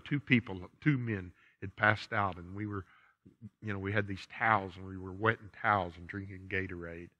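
A man's voice: fairly low pitch, bright, forceful tone. A man preaching a sermon to his congregation in a church, emphatic and repeating key phrases. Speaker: pastor. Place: church sanctuary. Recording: dull lo-fi church recording.

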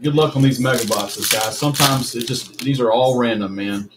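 A man's voice: mid-range voice, normal speed, background noise. A man hosting a live card break, casually rattling off player names with chatty asides and mild swearing. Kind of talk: casual live commentary while opening card packs.

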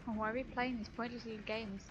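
A woman's voice: a little high, level tone, fast, muffled recording, noisy background. A young woman streaming a video game, swearing and taunting another player in a raging, profane way. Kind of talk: live gameplay commentary.

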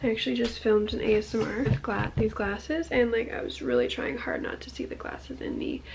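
A woman's voice: a little high, fairly even intonation, fairly quick, vocal fry, darkish tone. Chatty young woman vlogging. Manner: chatty, many "like" and "um" fillers. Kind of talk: casual chat to camera. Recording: faint background noise.

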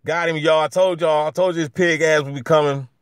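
A man vlogging from a street with a handheld camera, giving slangy running commentary that swings from low mutters to loud jeers. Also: steady tone, brisk, clean tone, no echo, studio quality. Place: outdoors by a street.

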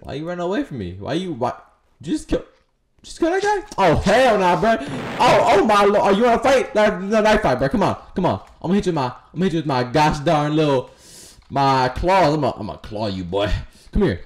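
A man's voice: a little high, sing-song, a little fast, few pauses. A man giving crude, joking commentary while playing a game online, trash-talking other players. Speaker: gaming streamer. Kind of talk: casual gameplay commentary.

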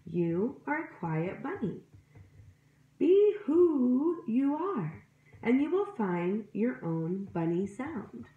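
A woman voicing a wise, kindly old owl in a read-aloud picture book, giving gentle advice. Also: a little high, very animated, takes it slowly, narrow, tinny audio. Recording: roomy echo.

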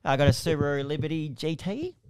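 A young man in a laid-back podcast conversation who mostly gives short, easygoing replies. His voice is smooth and sits in a middle pitch. The recording is dry and close. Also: expressive, fairly quick, dry recording. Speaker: podcast co-host. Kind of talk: casual chat.

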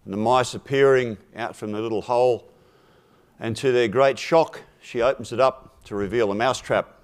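A man speaking at a forum, telling a simple fable in a measured, deliberate way and dropping his voice for punchlines. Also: mid-range voice. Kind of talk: storytelling a fable in a talk.

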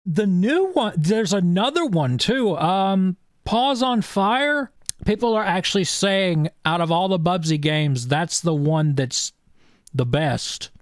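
A man's voice: high voice, animated, slow, no room sound, studio quality. A young man streaming a video game, delivering sarcastic, profane, wisecracking commentary as he plays. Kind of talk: let's-play commentary.

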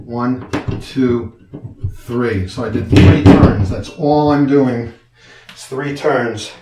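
A man's voice: medium pitch, steady tone, slow, mellow. A man casually talking through a wall-mounting job step by step as he works, joking at his own expense. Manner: chatty, self-mocking, explains each step as he works. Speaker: do-it-yourself video maker. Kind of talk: casual narration while working. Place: indoor room being set up as a studio. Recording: roomy echo, faint background noise.

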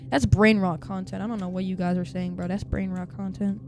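A man with a high, youthful-sounding voice, chattering casually to his viewers during a live game stream and bursting into loud excited outbursts. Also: brisk, vocal fry, a little hiss or hum. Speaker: game livestreamer.

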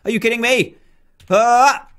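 A man's voice: a little high, sing-song, normal speed, a bit bright. A young man commentating his own game play, chatty, self-mocking and easily flustered. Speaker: gaming YouTuber.

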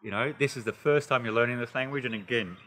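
A man with an Australian accent giving a casual, chatty English lesson, animated and playful, with many asides. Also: mid-range voice, fast talker, long reverb tail, slight background noise. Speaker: English teacher.

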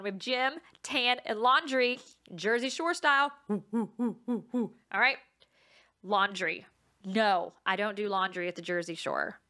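A woman's voice: mid-range voice, pushed and bright. A woman hosting her own podcast, telling stories in a chatty, self-mocking way and laughing often. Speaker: podcast host. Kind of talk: casual storytelling monologue.

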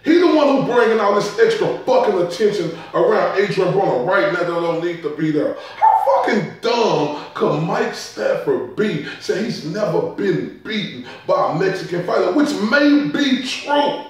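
A man's voice: sits high, very animated, moderate pace, few pauses, distant mic. Heated profane man ranting in echoey room. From Dallas area. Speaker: boxing commentary vlogger. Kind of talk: ranting vlog commentary.

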